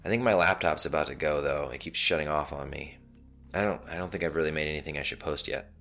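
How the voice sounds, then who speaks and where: Flustered young store clerk, stammering, read by a man, very deep voice. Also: quick pace, fairly bright tone, soft background music. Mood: hesitant. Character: nervous teenage boy store clerk.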